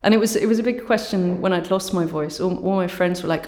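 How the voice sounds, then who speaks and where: A woman artist with a low voice, speaking thoughtfully as an interview guest and often saying "you know" and "sort of". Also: fast, darkish tone. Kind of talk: reflective conversational interview. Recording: roomy echo.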